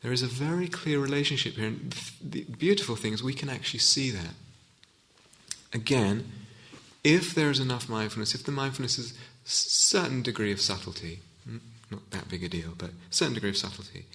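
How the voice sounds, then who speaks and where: Gravelly, bright-voiced male meditation teacher. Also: mid-range voice. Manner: reflective, unhurried, with restarts and searching for words. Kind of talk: Dharma talk. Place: meditation hall.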